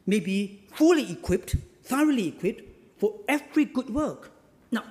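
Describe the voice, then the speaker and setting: A man preaching a sermon as a pastor, emphatic, repeating his phrases and pausing on "uh" fillers. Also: sits high, a little mellow, long reverb tail.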